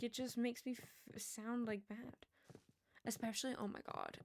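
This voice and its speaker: A woman's voice: medium pitch, vocal fry. A young woman streamer chatting casually, rambling with lots of fillers and restarts. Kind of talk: casual chat.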